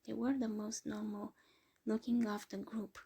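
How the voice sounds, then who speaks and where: A woman reading a story aloud in a soft, slow whisper, as whispered role-play narration. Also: fairly high pitch, level tone. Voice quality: breathy whisper.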